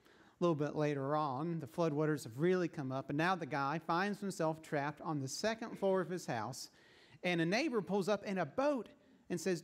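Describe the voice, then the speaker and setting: A male pastor preaches in a relaxed, conversational storytelling manner. His voice sits slightly higher than most men's, and he varies his pace to draw listeners along. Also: normal speed. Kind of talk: sermon.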